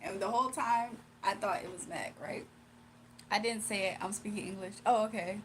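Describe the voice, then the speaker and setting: A woman's voice: medium pitch, normal speed, a little hiss or hum. A young woman chatting casually on a livestream, reading chat aloud, laughing often and teasing her viewers. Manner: playful, teasing.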